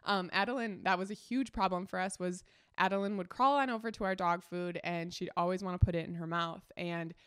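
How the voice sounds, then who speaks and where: Smooth-voiced young mom podcaster. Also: female voice, lowish voice, dry recording, clean studio sound. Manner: chatty, many fillers and quick laughs. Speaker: podcast host and mother. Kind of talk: casual solo podcast chat.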